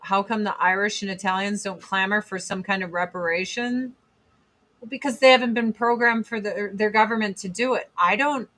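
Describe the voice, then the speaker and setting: A woman's voice: medium pitch, fairly bright tone. Female host, 40s, blunt and rambling, swears freely, casual chat stream voice.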